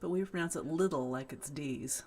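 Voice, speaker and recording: A woman with a West Coast American accent, a folk singer hosting her live stream and chatting excitedly with viewers between songs. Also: fairly low pitch, normal speed, music in the background. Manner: chatty, excitable, greets viewers warmly by name. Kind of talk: casual chat between songs.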